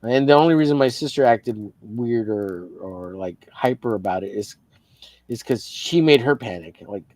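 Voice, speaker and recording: A man's voice: medium pitch, normal speed, darkish tone, no echo. A man in casual livestream chat, telling a long story in a rambling, profane way with many restarts. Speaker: co-host of a drawing livestream.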